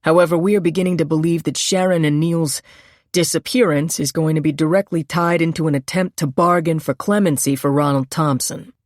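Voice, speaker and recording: A woman narrator voicing a steely male agent who speaks crisply and in a businesslike way. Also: a little high, steady tone, a little fast, dry recording, clean studio sound, lightly acted.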